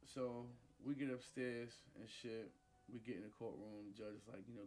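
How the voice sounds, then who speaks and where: A man's voice: on the low side, steady tone, normal speed, a little mellow, slight background noise. A man casually telling a personal story into a studio microphone, slangy and profane, acting out the people he quotes.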